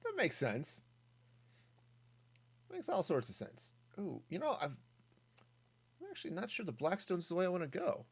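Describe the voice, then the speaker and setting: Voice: mid-range voice, huge pitch swings, normal speed, pauses often, slightly rough. A streamer casually thinking aloud while building in a game, reading and answering chat as they go. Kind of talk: casual gaming stream commentary.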